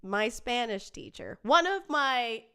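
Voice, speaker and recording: A woman talks to her live-stream viewers in a slow, easy rhythm, her voice smooth and clear. She reads their comments aloud and laughs often as she chats. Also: a little high, lively intonation, fairly bright tone. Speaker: livestream host reading viewer comments; singer. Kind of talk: casual live-stream chat.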